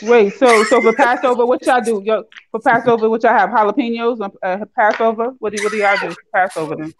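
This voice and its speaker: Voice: mid-range voice, a little fast. A speaker with a New York accent in casual group call banter, insistently asking questions. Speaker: call participant. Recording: dull lo-fi call with noise.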